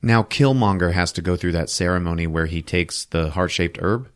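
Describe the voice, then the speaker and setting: A man on a podcast excitedly retelling a movie plot, swearing freely and acting out the characters' lines in put-on voices. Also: low voice, moderate pace, no room sound, studio quality. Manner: profane, acts out lines in voices, laughs often. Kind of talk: animated casual movie recap.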